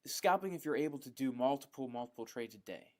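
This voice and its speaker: A man's voice: mid-range voice, fast. Casual man hosting a live Q&A. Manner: relaxed and chatty, frequent ums, calls viewers bro. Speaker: livestream host answering viewer questions.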